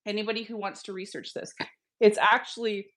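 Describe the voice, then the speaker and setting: Woman guest, slightly rough sick throat, earnest gentle explainer, mid-pitched, casual chat. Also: flat delivery, fairly quick, slight background noise.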